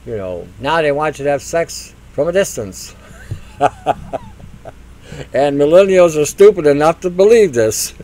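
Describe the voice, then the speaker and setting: A man's voice: a little high, lively intonation, unhurried, pauses often, a little mellow, poor audio. An older man hosting a radio talk show, ranting in a mocking monologue and acting out silly voices. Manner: mocking, acts out silly voices, laughs at own jokes.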